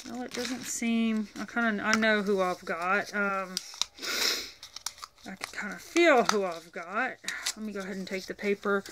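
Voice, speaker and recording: A woman's voice: medium pitch, unhurried, heavy background noise. A woman chatting casually as she unboxes toys, rambling and thinking aloud. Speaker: toy reviewer.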